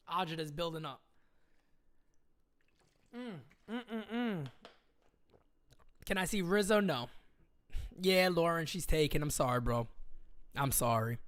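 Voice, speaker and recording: Joking high-voiced man on a livestream. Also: fairly bright tone, no echo, clean studio sound. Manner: joking, rambling, reading viewer comments aloud. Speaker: livestream host. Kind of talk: casual livestream chat.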